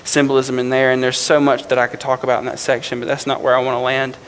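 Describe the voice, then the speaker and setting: A man preaching a sermon, reading scripture slowly and deliberately, then explaining it in a casual, self-correcting way. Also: medium pitch, monotone, fairly bright tone, big-room sound, a little hiss or hum, rough recording. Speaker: pastor.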